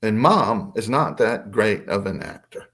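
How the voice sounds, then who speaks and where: An older man, a podcast guest, telling a personal story in a casual, animated way. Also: on the low side, unhurried. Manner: animated, acts out voices in his anecdotes.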